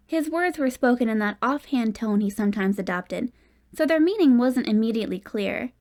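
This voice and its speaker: A woman reading a first-person audiobook in a steady, expressive narration. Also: mid-range voice, normal speed.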